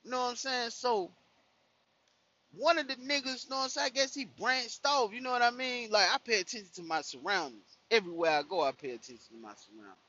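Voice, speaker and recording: Guy rambling a story in his car, high voice, real bright, kinda muffled lo-fi audio. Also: fast talker. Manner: animated, profane, full of "you know what I'm saying" fillers. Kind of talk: casual storytelling while driving.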